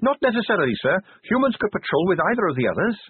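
A man's voice: high-pitched, big pitch swings, fast, breathy edge, dry recording, voice pushed up, heavily acted. A man voicing an earnest, polite young male watch captain who keeps saying sir in an audiobook. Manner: respectful and eager, says sir. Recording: tinny narrow-band audio.

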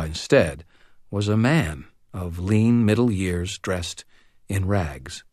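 Low, dry-voiced male audiobook narrator. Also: no echo. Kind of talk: first-person audiobook narration.

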